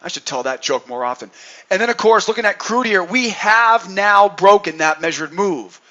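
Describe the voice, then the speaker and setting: A man from New England coaches traders through his charts in a high, bright voice. He talks with lively energy, checking in with listeners and joking with himself along the way. The recording sounds dull and lo-fi. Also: moderate pace. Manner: energetic, keeps asking "right?", jokes with himself. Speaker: trading coach. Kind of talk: chart commentary on futures.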